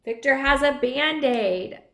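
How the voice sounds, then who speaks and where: Woman pastor, high voice, friendly, questions kids; children's message in an echoey room. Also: slow, creaky, slight background noise.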